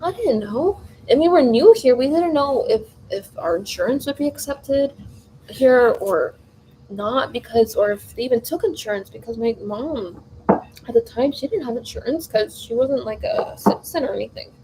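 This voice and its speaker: A woman's voice: a little high, lively intonation, normal speed, noisy background. A young woman vlogger in a home kitchen, telling a long casual story while baking, rambling with lots of fillers and restarts.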